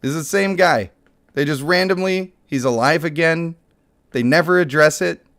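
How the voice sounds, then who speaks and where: A man's voice: on the high side, normal speed, a bit bright. A young man with a slightly worn voice, chatting casually and joking with his viewers on a game stream. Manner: joking, laughs at himself. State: voice a bit worn, cutting out. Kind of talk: casual live-stream chat.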